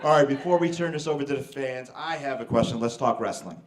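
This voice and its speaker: A man moderating a convention panel, asking quick questions and laughing often. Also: medium pitch, a crowd in the background. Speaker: panel moderator, show host. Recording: echoey hall, a bit off mic.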